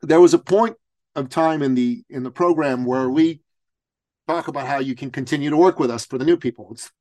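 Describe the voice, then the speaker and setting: A business coach tells a story in an interview, animatedly acting out the voices of the people in it. His voice is a little high and a little fast, with no room sound.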